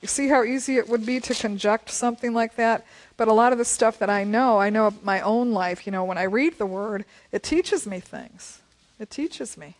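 A woman's voice: a little high, moderate pace. A woman leading a Bible study, reading scripture aloud and chatting about it, laughing often.

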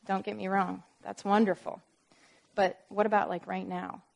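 A woman's voice: mid-range voice, flat delivery, moderate pace, creaky. A woman giving an informal Bible teaching, reading verses aloud with emphasis and explaining them with casual, conversational asides. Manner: reads scripture aloud with emphasis.

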